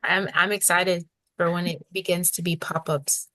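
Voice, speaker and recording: A woman co-hosting a podcast, chiming in often with short affirmations in a casual chat. Her voice is fairly low for a woman. The sound is dry and close. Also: flat delivery, moderate pace, sharp tone, no room sound. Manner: short affirming interjections like "Amen" and "sheesh". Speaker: podcast co-host.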